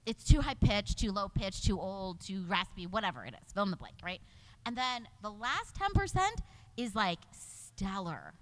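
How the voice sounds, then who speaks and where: A woman's voice: medium pitch, very animated, moderate pace. A middle-aged woman, a voice actor and casting director, chatting casually on a convention panel with frequent laughs.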